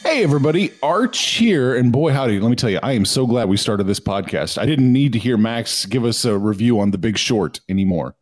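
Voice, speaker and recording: A man's voice: mid-range voice, lively intonation, brisk, hardly any pauses. A man hosting a casual sports podcast, upbeat and teasing his co-hosts. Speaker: podcast host.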